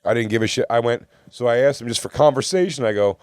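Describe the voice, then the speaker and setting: In clean, studio-quality audio with no room sound, a male co-host of a comedy podcast rattles off a profane, wandering story among friends, acting out others' lines. His mid-range voice is smooth and darkish, and he moves quickly.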